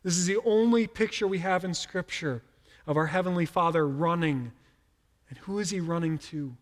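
Speaking at a normal pace, a middle-aged pastor gives his sermon in a loose, conversational way, tripping over and repeating words as each thought begins. His voice is slightly high for a man, and the big hall leaves a long reverb trailing every phrase.

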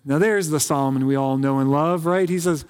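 Male pastor chatting through a sermon, bit high voice, echoey church hall, lots of ums and restarts. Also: brisk, a little mellow, clear, resonant tone. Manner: conversational, joking, many fillers and restarts. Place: church sanctuary with a congregation. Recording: reverberant sanctuary.

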